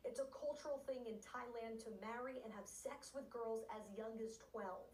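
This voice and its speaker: Woman reporter, broadcast news read, a touch high, echoey clip with faint hiss. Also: darkish tone. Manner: measured, reading out a report. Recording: roomy clip from a distance.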